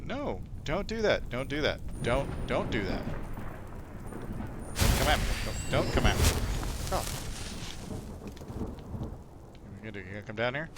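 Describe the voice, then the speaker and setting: A man livestreaming a video game, commenting excitedly, swearing and yelling at the enemies he fights. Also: mid-range voice, normal speed, pauses often. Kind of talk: live gameplay commentary. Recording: noisy stream audio.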